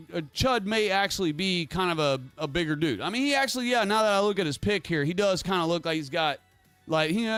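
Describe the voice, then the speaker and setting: A man's voice: a little high, fairly bright tone, no echo. Male streamer host, casual rambling monologue with faint music under a dry voice. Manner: rambling, drawn-out and emphatic. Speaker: livestream host. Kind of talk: casual livestream monologue reading chat.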